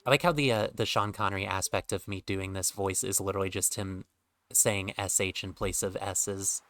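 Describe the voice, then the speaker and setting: A man's voice: sits low, fairly even intonation, moderate pace, a bit bright. A man streaming a game, chatting casually, rambling and joking with offhand swearing. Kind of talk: casual gameplay commentary.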